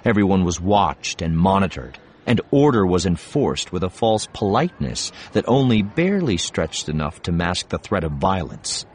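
A man narrating a science fiction audiobook in a measured, expressive reading. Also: sits low, husky. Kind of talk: scripted narration.

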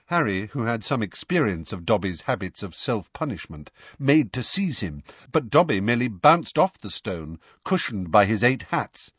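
A man reading an audiobook as narrator in an animated storytelling manner. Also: medium pitch, moderate pace, slightly rough, no echo. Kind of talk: scripted narration. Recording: dull lo-fi dry recording.

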